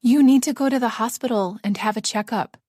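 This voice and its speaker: A woman narrator voicing a calm, businesslike female doctor who speaks briskly and professionally. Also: fairly high pitch, dry recording, clean studio sound, voice pushed up, lightly acted. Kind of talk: audiobook character voice.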